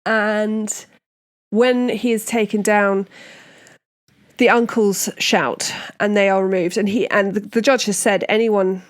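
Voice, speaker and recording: A woman's voice: mid-range voice, steady tone, takes it slowly. A woman hosting a true crime podcast, recapping a case in a casual, indignant, opinionated way.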